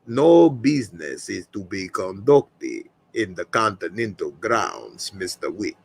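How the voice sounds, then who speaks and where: A man's voice: lowish voice, very animated, takes it slowly, creaky, husky, voice pushed down, heavily acted. A man doing a grave, formal hotel manager. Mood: stern. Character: stern formal male hotel manager from an action film.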